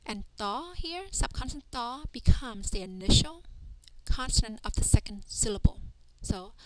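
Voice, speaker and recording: A woman's voice: fairly high pitch, expressive, moderate pace, background noise. A woman teaching a language lesson as a voice-over, patiently sounding out syllables one by one and often checking in with "okay". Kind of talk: slow spelling-out lesson narration.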